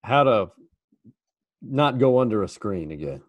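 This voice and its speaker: A man's voice: fairly low pitch, very animated, unhurried, no room sound, lo-fi sound. A man co-hosting a casual sports chat, tossing in teasing asides. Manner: laughing, teasing interjections. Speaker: podcast co-host.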